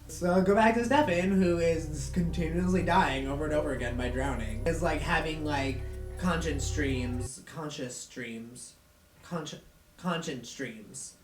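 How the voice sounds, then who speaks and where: Man, casual recap vlog, rambling, sweary, fairly high voice, echoey room, far from mic, faint music. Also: a little slow. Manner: rambling, filler-heavy, sweary, acts out quotes. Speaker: video host recapping an episode. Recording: roomy echo from a distant mic, faint music.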